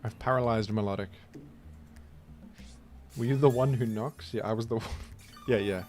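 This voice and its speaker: A man gives casual commentary while he plays a game, and he drifts into rambling, self-mocking anecdotes. His voice sits at an ordinary middle pitch. Soft background music plays under his talk. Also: steady tone, moderate pace. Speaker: gaming streamer. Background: faint background music.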